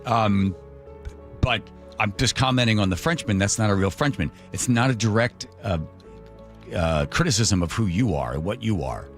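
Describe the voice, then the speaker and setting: A man's voice: fairly low pitch, expressive, moderate pace, soft background music. A man hosting a talk radio show, rambling and joking in casual banter.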